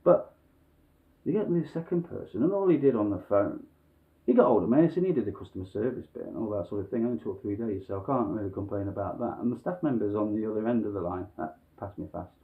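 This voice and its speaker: A man's voice: lowish voice, fast. A man telling a frustrated story to his viewers in blunt, sweary casual talk with chuckles, recorded at home. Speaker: vlogger. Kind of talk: casual ranting monologue. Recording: phone-like lo-fi sound.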